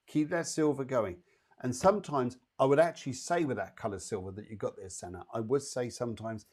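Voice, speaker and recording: A man hosts a live psychic show and gives quick mini readings to viewers. His voice sits at a medium pitch. He is chatty and reassuring and talks directly to the people he reads for. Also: darkish tone.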